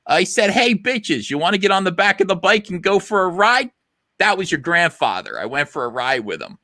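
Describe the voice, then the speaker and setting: A man's voice: sits high, big pitch swings, brisk, sharp tone, no room sound, studio quality, voice pushed up, exaggerated voice. A man voicing his blunt old grandmother as she tells a crude story in a raised voice. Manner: blunt, crude, matter-of-fact. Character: brash old Jersey grandma telling a story.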